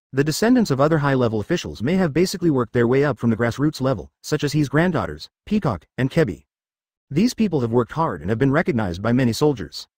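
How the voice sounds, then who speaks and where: A man reading a fan-fiction story aloud as narrator, in a steady read-aloud delivery that barely changes between characters. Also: mid-range voice, slightly rough, dry recording, studio quality. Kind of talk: reading a fanfic audiobook.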